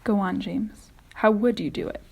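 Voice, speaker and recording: A woman reading aloud, voicing a gentle, kind ladybug who speaks in a coaxing way in a storybook. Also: mid-range voice, normal speed, gravelly.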